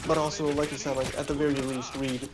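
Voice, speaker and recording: A man's voice: mid-range voice, flat delivery, fast, background noise. A man streaming, chatting casually about his writing, rambling with lots of fillers. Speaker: vtuber streamer and web novel author. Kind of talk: casual chat.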